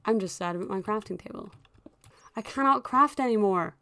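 Excitable young woman narrating her gameplay. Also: medium pitch, fairly quick, dry recording. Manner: chatty and excitable, with frequent squeals and laughter. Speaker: gaming YouTuber. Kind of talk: casual gameplay commentary.

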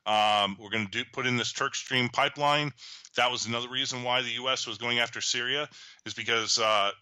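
A middle-aged man holds forth as a radio commentator. His voice is sharp and forceful and sits in a dead-dry room. He talks in a loose, animated way, stumbling over restarts and acting out what others said. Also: mid-range voice, a little fast, smooth, dry recording. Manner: animated storytelling, acts out quoted leaders, many restarts. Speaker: guest commentator.

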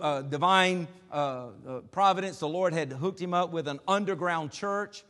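High-voiced preacher in a reverberant hall. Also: male voice, fairly bright tone. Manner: hesitant with many filler sounds. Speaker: pastor. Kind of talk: sermon storytelling.

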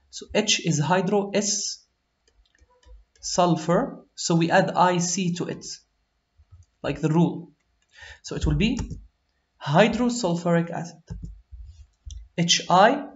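A man teaching a chemistry lesson, switching between English and Arabic, explaining step by step and often checking in with "okay?". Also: sits high. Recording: roomy, slightly dull lo-fi sound.

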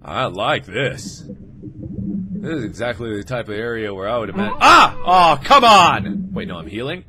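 A man giving horror gaming commentary, talking to the game and yelping and shouting whenever something jumps at him. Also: mid-range voice, big pitch swings, moderate pace. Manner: jumpy, shouts and yelps at scares, talks to the game. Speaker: let's play gamer.

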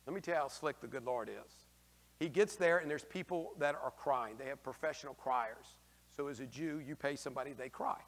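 Animated priest with a bright voice in a reverberant church. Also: male voice, a little high. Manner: animated, acts out the figures in raised voices; folksy, slangy asides. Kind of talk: lively homily with questions from the congregation.

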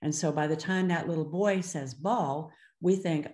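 An older woman gives a webinar lecture on child language, with a voice pitched a little low for a woman. She talks expressively and acts out the phrases she quotes in other voices. The sound carries a roomy echo. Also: moderate pace. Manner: expressive, slips into voices when quoting children and parents. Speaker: speech-language clinician presenting.

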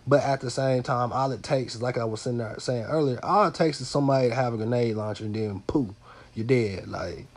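A man's voice: medium pitch, fairly quick. A man with a nasal, congested voice, a bit under the weather, giving loose, rambling commentary over his gameplay with lots of fillers and repeated words. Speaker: gaming channel host.

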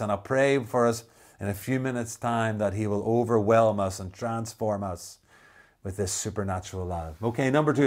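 Pastor preaching, draws words out slow for effect, then goes quiet and low. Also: male voice. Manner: dramatic, slows down for emphasis and drops to a soft voice. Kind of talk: sermon.

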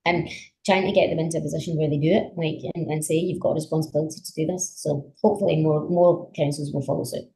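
A woman with a notably low voice, chatting as a podcast guest. She tells her stories with animation and plenty of ums and restarts. The talk stays relaxed and conversational. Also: fast, creaky, poor audio. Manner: animated storyteller, many fillers. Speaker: politician guest. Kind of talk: casual conversation.

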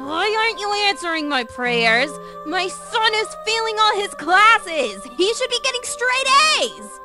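A woman's voice: very high-pitched, big pitch swings, unhurried, music in the background, full character voice. A woman voicing an entitled, demanding woman complaining in a cartoon sketch. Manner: whiny, demanding.

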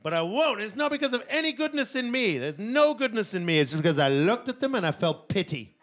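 Animated, bright-voiced male stand-up comic. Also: sits high, fairly quick. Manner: rambling, self-mocking, bursts into shouted voices. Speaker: stand-up comedian. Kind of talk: stand-up comedy. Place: comedy stage before a laughing audience.

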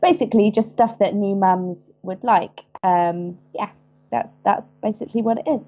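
A woman in her thirties with a southern English accent talks casually over a slightly muffled remote call, her pitch sitting mid-range. She meanders through her answers, pausing often with ums and small restarts. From England. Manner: chatty, hesitant with many ums. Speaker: guest, business founder. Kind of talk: casual interview.

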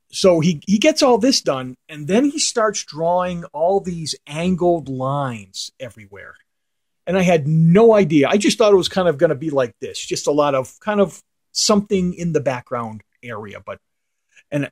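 Speaking to the camera, a middle-aged comic art collector casually wanders through an anecdote, his words fading into mutters as phrases end. His voice is fairly high in pitch with a darkish tone.

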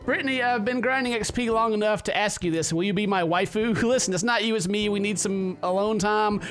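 A man's voice: high-pitched, fairly quick, fairly bright tone, soft background music. A man doing let's-play commentary, rambling, laughing often and hamming up mock-romantic lines to a game character. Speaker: gaming YouTuber.

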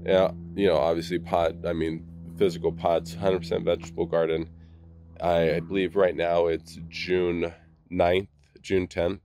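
Low gravelly congested man vlogging. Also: flat delivery, measured pace, darkish tone, a little hiss or hum. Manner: rambling, enthusiastic, many restarts. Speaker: gardening channel host. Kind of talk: casual garden vlog.

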